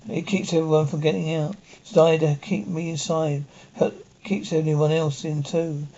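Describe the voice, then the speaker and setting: A man's voice: on the high side, flat delivery, moderate pace, dark tone, natural voice. An actor playing a tense, driven man hunted through time in a 1960s TV drama, speaking urgently and insistently. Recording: dull lo-fi 1960s TV soundtrack.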